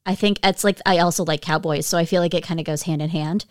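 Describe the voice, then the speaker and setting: A woman's voice: fairly low pitch, steady tone, quick pace, no echo, studio quality. A woman from the southeastern United States, co-hosting a podcast in casual chat with wry, teasing asides. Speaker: podcast co-host, car journalist.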